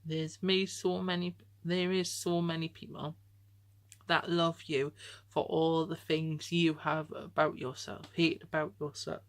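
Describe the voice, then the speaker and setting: A woman's voice: low-pitched, flat delivery, measured pace. A young woman reading aloud an old letter she wrote to herself, breaking off to comment and laughing often, in a casual reflective way.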